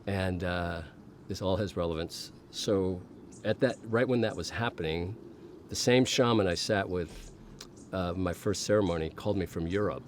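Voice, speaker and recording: A middle-aged man with a very deep voice talks in a casual podcast interview. He tells his story candidly, swears freely and acts out the voices of the people he quotes. A faint hiss of noise sits behind him. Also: normal speed. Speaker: podcast guest.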